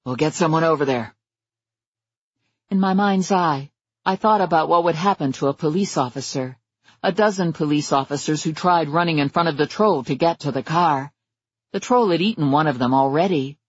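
A man narrating a first-person story in a measured, wry way. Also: a little high, husky, no echo, dull audio. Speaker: audiobook narrator.

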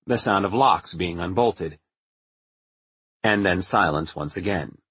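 Husky male audiobook narrator. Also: low-pitched, a little slow, a bit bright, dry recording. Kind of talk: scripted narration.

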